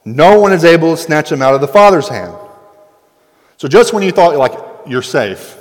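A man in his thirties preaching a sermon as pastor, stretching key words out slowly and building to forceful, rising emphasis. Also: a little high, big pitch swings. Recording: long hall reverb.

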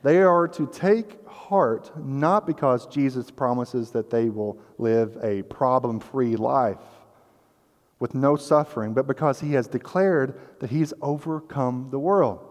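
A man's voice: medium pitch, slow. A man preaching a sermon as pastor of a church, earnest and conversational, sometimes acting out the voices in the story. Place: church sanctuary. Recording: long hall reverb.

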